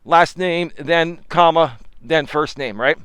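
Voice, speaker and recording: A man's voice: on the high side, slow pace, fairly bright tone, clear, resonant tone, no room sound. A man, a life coach, talking casually to a live chat while walking outdoors in a park, filming on a selfie stick, laughing often and preaching in asides. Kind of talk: live-streamed walking talk. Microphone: camera on a selfie stick.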